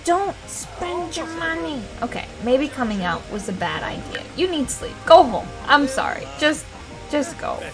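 A woman's voice: fairly high pitch, sing-song, normal speed, over music, low-quality recording. A woman hosting a casual let's play, animatedly talking to her game character and reading game text aloud.

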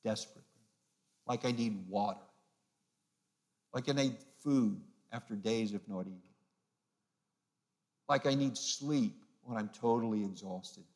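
A male pastor preaching with mid-range pitch and strong emphasis. He swings from loud, ringing lines to quiet, hushed ones. He sometimes puts on sneering voices of the crowd. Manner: acts out mocking voices of the crowd. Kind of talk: sermon.

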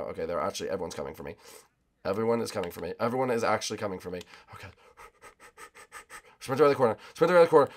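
A man hosting a gaming channel, rambling excitedly to viewers while racing. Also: fairly low pitch, rapid-fire, pauses often. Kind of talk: casual gameplay commentary.

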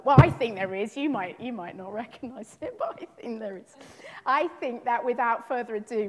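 A woman minister leads a church service in a high, bright voice, enthusiastic and informal with the congregation. Her voice carries into a long church reverb. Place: church hall.

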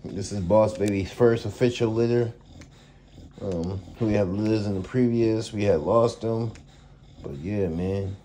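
This casual vlog features a man rambling about his dog kennel from inside his home, easygoing and full of "y'all" and "man" for his viewers. He speaks unhurriedly in a lowish, mellow voice, with a little hiss or hum audible.

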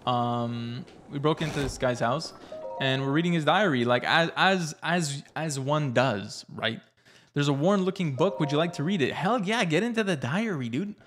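A young man live-streaming a game, chatty and excitable, reading chat aloud and reacting playfully. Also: a little high, normal speed, faint music behind.

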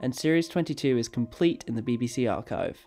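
A man reading a scripted documentary narration in a steady, informative way. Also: mid-range voice, fast, faint music behind. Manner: steady, informative reading with a brief apology for mispronouncing.

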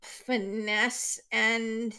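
A woman's voice: on the high side, level tone, very slow, sharp tone. A woman serving as game master in a tabletop role-playing game, explaining rules and scenes in a loose, chatty way full of fillers.

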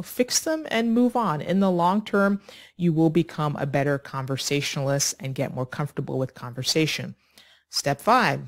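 A woman teaching an online English lesson, speaking slowly and clearly in an encouraging way. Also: low voice. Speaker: ESL teacher.

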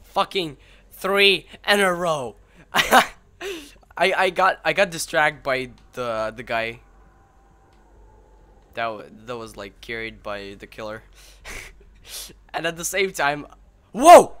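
A man's voice: mid-range voice, lively intonation, slow, pauses often, sharp tone, clear, resonant tone. A young man giving gaming commentary while he plays, swearing a lot and ranting in frustration. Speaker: gameplay video creator.

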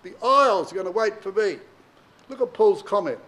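A man's voice: animated, moderate pace, fairly bright tone, rough recording. A man teaching a sermon, reading old-style scripture verses and explaining them directly to his listeners with emphasis. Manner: reads King James verses then explains them plainly to the congregation; emphatic, varies pitch and pace widely for emphasis. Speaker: Bible teacher.

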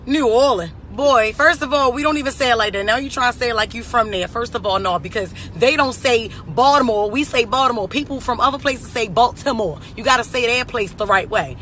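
A woman's voice: on the high side, a bit bright, slight background noise. A young woman comedian ranting sassily and profanely in short comic clips. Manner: sassy, profane, rapid comic rants. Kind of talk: comedic social media clips.

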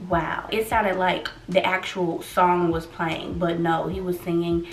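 A young woman telling a story to her viewers in a casual vlog, lively and expressive, acting out what she and others said. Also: on the low side, a little slow, creaky, reverberant, distant mic, soft background music. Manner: animated, acts out quotes, addresses viewers as y'all. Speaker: vlogger.

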